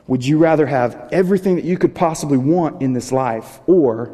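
A young male pastor with a mellow, slightly high voice works the room in a playful, jokey way. His words ring out with the long reverb of a big church auditorium. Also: normal speed, hardly any pauses. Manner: jokey, upbeat, addressing a crowd. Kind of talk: playful sermon opener with audience game. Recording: long reverb of a large hall.

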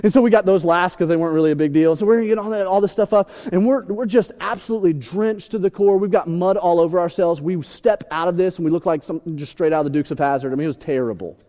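A male pastor with a high, lively voice, joking his way through a sermon story in a chatty, self-mocking tone. His words ring out in a large church hall with a long, lingering reverb. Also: fast, few pauses. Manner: animated, conversational, self-deprecating.

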